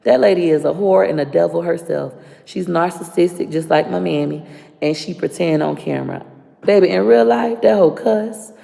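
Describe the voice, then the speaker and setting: Gravelly, blunt Florida woman. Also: fairly low pitch, moderate pace, mellow. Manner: blunt, profane, confrontational. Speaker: vlogger. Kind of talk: casual rant to camera. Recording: long reverb.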